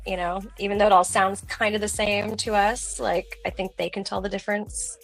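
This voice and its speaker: A woman co-hosting a podcast in casual chat, curious and chatty, quick to laugh. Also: medium pitch, little pitch movement, vocal fry, a bit bright, soft background music, rough recording. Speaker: podcast co-host.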